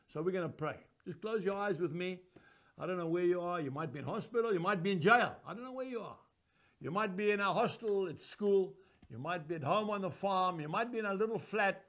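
An older man preaching a sermon, forceful and emphatic, swinging from booming declarations to hushed prayer. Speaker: evangelist preacher.

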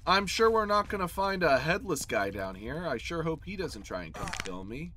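A man's voice: a little high, sing-song, normal speed, bright, forceful tone. Guy doing a horror game playthrough, voice all over the place, kinda noisy mic. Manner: jokey, talks to the enemy, yelps when hit. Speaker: gaming channel host. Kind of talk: horror game let's play commentary.

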